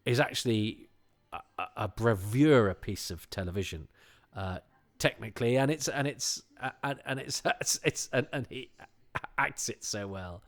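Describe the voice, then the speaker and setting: A man's voice: mid-range voice, moderate pace. A man guesting on a podcast, chatting casually and enthusiastically in a rambling way with chuckles. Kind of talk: casual chat.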